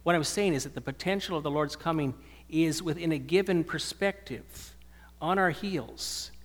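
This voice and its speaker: A man's voice: a little high, normal speed. A male pastor giving an earnest sermon that swells into emphatic preaching, in a church hall with long reverb.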